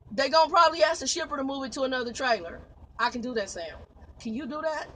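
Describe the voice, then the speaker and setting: A woman tells a trucking story in a casual vlog, exasperated, cursing and laughing as she goes. Her voice is bright, sits a little high, and a faint hum of vehicle noise runs behind it. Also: fast, low-quality recording. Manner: exasperated, vents with laughs and swearing. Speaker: truck driver vlogger. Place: inside a truck.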